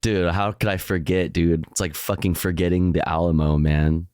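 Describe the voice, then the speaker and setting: A man's voice: low voice, fairly even intonation, moderate pace, a little mellow, clean tone, no echo. A man streaming live and reacting to clips, chatting loosely, laughing and swearing often. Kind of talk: casual chat.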